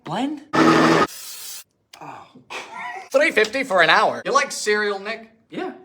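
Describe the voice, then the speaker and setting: A man hosting a comedic vintage recipe cooking show, theatrical and swinging between shouted lines and deadpan mutters. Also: high voice, slow.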